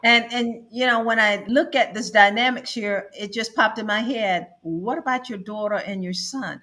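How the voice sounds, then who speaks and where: A woman's voice: a little high, moderate pace, pushed and bright. A middle-aged woman hosting an advice show, speaking emphatically and acting out quoted family members as she counsels. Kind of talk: counseling talk.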